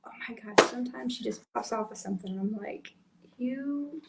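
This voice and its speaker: A woman chatting casually as a podcast guest, telling animated stories with lots of fillers. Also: mid-range voice, fast, vocal fry, a crowd in the background, poor audio. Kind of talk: casual chat.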